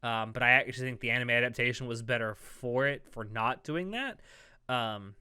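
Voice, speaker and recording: With a bright, smooth, medium-pitched voice, a man co-hosts a relaxed podcast review chat at a moderate pace. He's chatty, laughs easily, and talks through plot points at length, and the recording is dry and close with no room sound.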